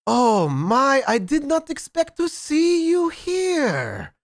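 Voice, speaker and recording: A man voicing a pompous, falsely fond male vampire sire in a loud, theatrical put-on German accent. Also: huge pitch swings, takes it slowly, dry recording, clean studio sound, exaggerated voice. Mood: gushing. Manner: loud, theatrical, high and swooping.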